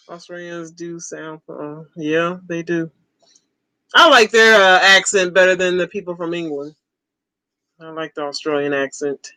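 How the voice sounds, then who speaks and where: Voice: medium pitch, unhurried, pauses often, bright, forceful tone, dry recording, poor audio. A host in their forties chatting casually on a livestream, laid-back and chuckling, repeating short replies. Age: 40s.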